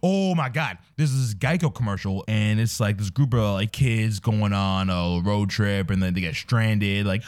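A man performing a comedic rant and then chatting as a guest, exasperated and animated. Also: on the low side, a little slow, few pauses, clear, resonant tone. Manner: exasperated, animated, voices quotes. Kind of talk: comedic rant and casual chat.

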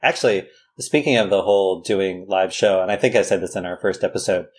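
A man co-hosting a casual podcast chat, speaking in a measured way and laughing along easily. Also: low voice, husky. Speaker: podcast co-host.

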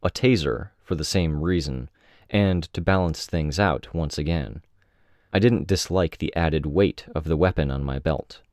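Very deep-voiced man reading an audiobook. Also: no echo, clean studio sound. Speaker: audiobook reader. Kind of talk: first-person audiobook narration.

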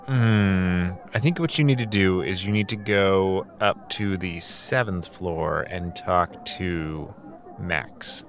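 A man's voice: sits low, slow. A man narrating a tabletop role-playing game as game master, with playful salesman patter. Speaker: game master voicing shopkeepers.

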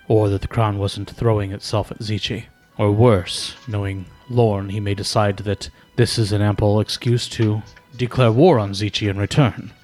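A scheming old nobleman who has counselled kings for decades, speaking gravely and with cold calculation, as a man puts him on. The voice is low and gravelly with a rough fry at the edges. Faint music plays behind him. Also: a little mellow, natural voice. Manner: grave, measured, coldly pragmatic.

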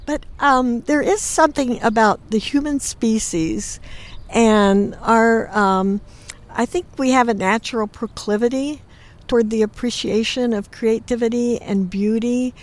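A woman in a reflective conversation, emotional and halting, her voice catching as she searches for words. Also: a little high. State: teary. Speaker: interviewee, arts lover.

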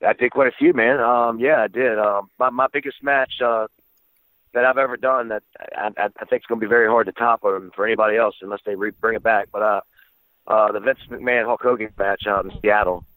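Guy calling in on a phone line, kinda low voice, swears a lot, rambles through stories with lots of ums. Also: dry recording. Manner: candid, swears freely, lots of fillers. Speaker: wrestling referee guest. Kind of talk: casual storytelling interview. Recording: tinny phone-line sound.

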